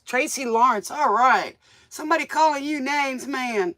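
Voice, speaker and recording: Smoky-voiced woman host, bright and forceful, rambling and folksy as she reads tarot for viewers. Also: high-pitched, big pitch swings, measured pace. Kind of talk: casual live tarot reading chat.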